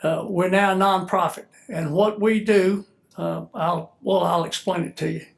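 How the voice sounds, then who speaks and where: Older Southern man, gravelly and congested. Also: high voice, steady tone. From Georgia, US. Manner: easygoing, joking, unhurried. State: stuffy, congested. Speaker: guest speaker, retired military officer. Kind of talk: public speech at an event.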